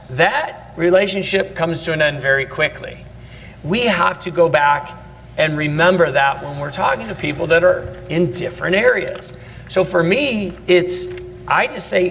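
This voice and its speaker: A man's voice: high voice, gravelly, a bit bright, slight background noise. A man who is a state representative speaking on a panel, earnest, explaining his points through analogies and repetition. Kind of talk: panel discussion. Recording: long reverb in a large hall.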